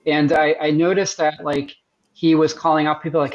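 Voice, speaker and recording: A man's voice: a little high, moderate pace, highs cut off. A man talking as a guest artist in a casual interview, enthusiastic and rambling with many restarts, heard over a video call.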